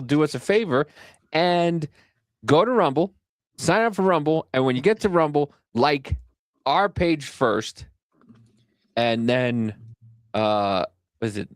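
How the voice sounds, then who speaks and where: A man's voice: mid-range voice, no room sound, studio quality. A man co-hosting a podcast, telling a rambling story in casual chat and swearing often. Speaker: podcast co-host.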